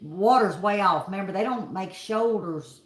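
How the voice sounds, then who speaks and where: A woman's voice: medium pitch, moderate pace, roomy sound. Folksy Kentucky woman telling a story. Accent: Kentucky Southern. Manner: folksy, animated, dramatic storytelling. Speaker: vlog host. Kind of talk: casual storytelling to viewers.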